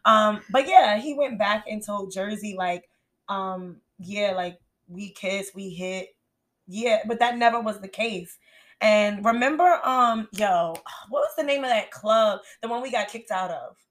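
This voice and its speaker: A woman's voice: medium pitch, a little slow. Young woman on a podcast just telling a story, laughing a lot. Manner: animated storyteller, laughs often. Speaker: podcast co-host. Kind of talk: casual chat.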